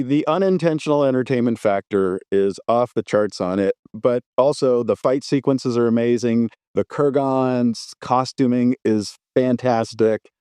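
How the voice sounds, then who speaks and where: A man on a film podcast with a smooth, resonant voice at a middle pitch. He's thoughtful and often trails off and restarts mid-thought. The recording is close and dry. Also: darkish tone, dry recording. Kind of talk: casual film podcast chat.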